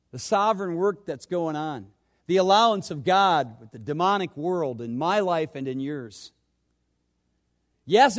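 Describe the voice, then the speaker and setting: A male pastor preaching a sermon, swinging between loud urgent questions and hushed, low asides.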